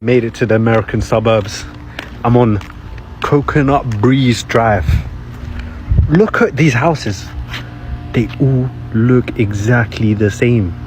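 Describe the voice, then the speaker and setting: A young man, chatting his way through a casual walking vlog on a quiet suburban street. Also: medium pitch, takes it slowly, pauses often, background noise. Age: young adult. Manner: chatty, full of "like". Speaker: travel vlogger.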